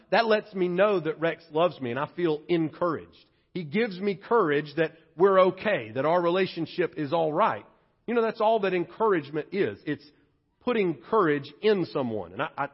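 A male pastor delivering a relaxed, conversational sermon, switching now and then into playful acted voices. His voice sits high and has a husky edge. The recording sounds a little dull, like ordinary church audio. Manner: conversational, playful, acts out quotes in funny voices.

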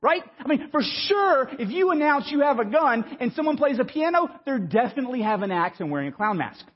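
A man, preaching a sermon and telling a story in an animated, stammering, self-mocking way. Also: very high voice, fairly quick. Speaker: pastor. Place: church sanctuary. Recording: muffled sound with long hall reverb.

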